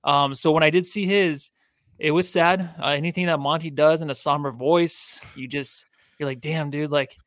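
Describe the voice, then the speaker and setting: A man's voice: on the high side, fairly even intonation, moderate pace, a bit bright, no room sound, studio quality. A man co-hosting a sports podcast, chatting loosely with lots of fillers. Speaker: podcast co-host. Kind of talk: casual sports podcast talk.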